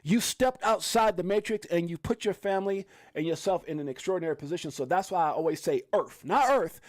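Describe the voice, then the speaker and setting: A man from Brooklyn hosting a casual crypto livestream, excitable and full of fillers. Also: high voice. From Brooklyn, New York. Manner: excitable, laughing, lots of fillers.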